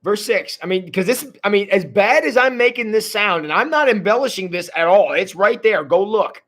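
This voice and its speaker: A man with a high-pitched voice leads a livestreamed Bible study for his church. His delivery is casual and wry, full of restarts and chuckles as he comments on the text. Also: expressive, normal speed, fairly bright tone.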